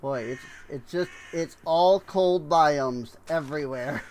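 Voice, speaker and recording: A man streaming a game, rambling slowly with lots of fillers and yawning as he plays. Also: fairly high pitch, a little mellow, slight background noise. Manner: rambling, unhurried, many fillers and trailing thoughts. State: yawning, tired. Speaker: gaming streamer. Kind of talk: casual let's-play commentary.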